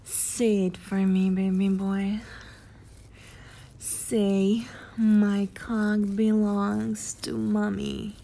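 A woman in a whispered role-play, talking slowly in a teasing, domineering way and often dropping to a whisper. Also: mid-range voice, little pitch movement, vocal fry, warm tone. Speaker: audio role-play performer.

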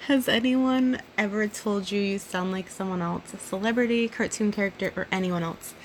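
A drunk woman in her thirties answers listener questions in a casual solo monologue, giggling, rambling, and often dropping to a soft near-whisper. Her voice is mid-range at a moderate pace, with slight background noise.

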